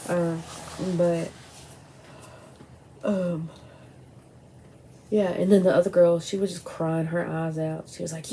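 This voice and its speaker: A woman's voice: on the low side, a little slow, vocal fry, long pauses, dark tone, a little hiss or hum, low-quality recording. A middle-aged woman talking candidly and bluntly to camera at home, rambling and swearing now and then. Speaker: vlogger. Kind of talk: casual personal talk to camera. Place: at home by a window at night.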